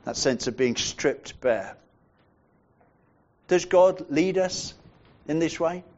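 A man preaching a sermon in a measured way, dropping to a hushed voice to stress points. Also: a little high, lively intonation, lo-fi sound.

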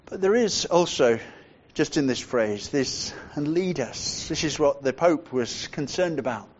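A man preaching a sermon in a measured way, dropping to a hushed voice to stress points. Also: mid-range voice, lively intonation, lo-fi sound.

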